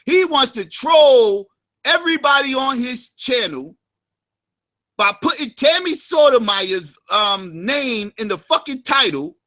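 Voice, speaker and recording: Very high-voiced, bright ranting man. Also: expressive, slow. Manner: heated, profane, often shouting. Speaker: channel host. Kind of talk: ranting vlog commentary.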